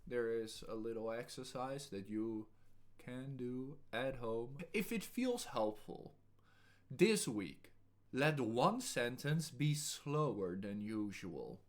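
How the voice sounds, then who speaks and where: A man teaching as an English speaking coach, talking calmly and deliberately with a pause every few words. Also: medium pitch.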